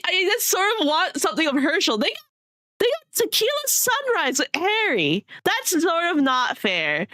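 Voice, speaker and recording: A woman's voice: fairly high pitch, a bit bright, dry recording. A young woman streaming a game, chatting casually and rambling with lots of filler words and laughs. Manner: chatty, giggly, rambling with many "sort of" and "like" fillers. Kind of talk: casual gameplay commentary.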